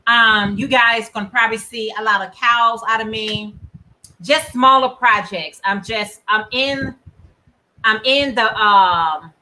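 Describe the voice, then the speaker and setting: A woman talks unhurried and encouraging while she greets viewers of her crafting live show. Her voice is high and bright, and she takes her time. A faint hiss sits behind her. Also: low-quality recording. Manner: chatty, reads viewer comments aloud, encouraging. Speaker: crochet livestream host. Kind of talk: casual chat with live viewers.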